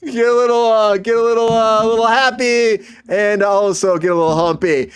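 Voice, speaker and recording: A man's voice: high-pitched, steady tone, normal speed, few pauses, a faint crowd, slight background noise. A man hosting a live comedy show, signing off with a rambling, profane, absurd riff.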